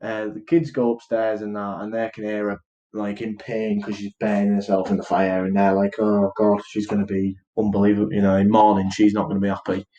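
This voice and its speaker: A man's voice: on the low side, little pitch movement, brisk, warm tone, dull audio. A man co-hosting a podcast, chatting casually as he retells a film plot, with lots of fillers and restarts. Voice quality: rambling with many fillers and restarts. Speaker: podcast co-host.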